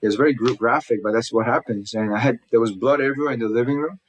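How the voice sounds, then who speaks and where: A man sits for an interview and tells his story at a rush. He stumbles into restarts and slips into the voices of people he quotes. His pitch sits in the middle range. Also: low-quality recording. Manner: fast, earnest retelling full of restarts, acting out quotes. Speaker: guest telling his life story. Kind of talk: personal storytelling in a conversation. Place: lives in Southern California.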